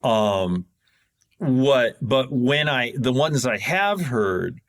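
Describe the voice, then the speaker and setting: A man on a podcast as a guest sound designer, casually explaining technical ideas in a rambling, self-correcting way. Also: extremely slow. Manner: rambling, self-correcting, jumps in pitch when excited.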